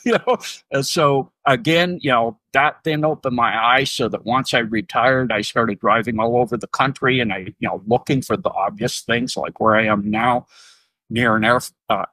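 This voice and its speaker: Middle-aged man, podcast guest, lively storytelling, bright forceful voice, dry close sound. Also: mid-range voice, dry recording. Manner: animated, acts out dialogue in raised voices, chuckles often. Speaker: podcast guest, retired Navy submariner. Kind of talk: casual storytelling interview.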